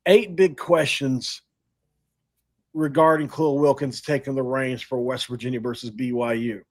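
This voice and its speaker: A man's voice: medium pitch, steady tone, normal speed, a little mellow. A man hosting a sports podcast, talking casually and in a rambling, self-deprecating way with frequent laughs. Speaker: podcast host.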